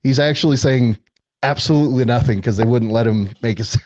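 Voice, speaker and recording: A former film extra appears as a guest, telling casual stories in a chatty way with lots of fillers and frequent laughter. His medium-pitched voice is fairly quick and a little mellow. The sound is lo-fi with no echo.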